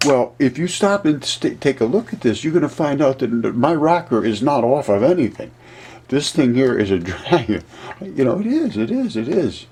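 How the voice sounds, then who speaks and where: A man talking through a map in a casual, rambling monologue, often laughing at his own ideas and getting excited. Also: mid-range voice, normal speed, slight background noise. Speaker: video presenter.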